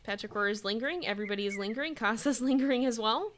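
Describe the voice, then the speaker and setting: Talking very fast with few pauses, a woman streams a game and chats with her viewers, egging her animals on and giggling often. Her voice is on the high side and fairly bright, with game music in the background.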